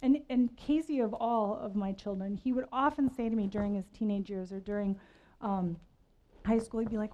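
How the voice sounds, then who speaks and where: A woman's voice: mid-range voice, moderate pace, dark tone. A middle-aged woman giving a personal storytelling sermon at a faith gathering, chatty and self-deprecating. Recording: slightly muffled recording.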